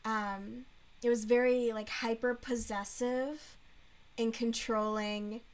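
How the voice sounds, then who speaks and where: High-voiced woman chatting bluntly. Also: fairly even intonation, slow. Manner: blunt, frank, mocking book review with laughs. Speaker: streamer. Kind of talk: casual chat while crocheting.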